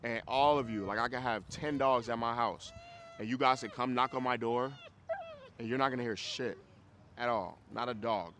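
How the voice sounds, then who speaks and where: Male dog trainer with a Chicago accent, blunt, swears, mid-pitched, faint hiss under the voice. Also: normal speed, fairly bright tone. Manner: casual, blunt, swears, keeps asking if you follow. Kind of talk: group class teaching. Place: dog training class with dogs around.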